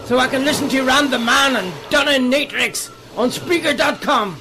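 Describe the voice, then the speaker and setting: A man voicing a blustery male pirate captain perched up a mast, bellowing as if shouting over the elements. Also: very high-pitched, moderate pace, background noise.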